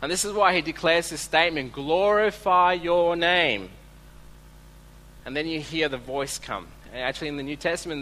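A man preaching a sermon as a pastor, earnest, moving between soft asides and emphatic points while reading scripture aloud. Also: on the high side, a little hiss or hum, rough recording.

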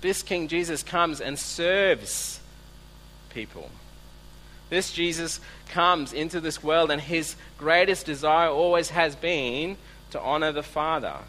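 A man preaching a sermon as a pastor, earnest, moving between soft asides and emphatic points while reading scripture aloud. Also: a little high, slow, a little hiss or hum, rough recording.

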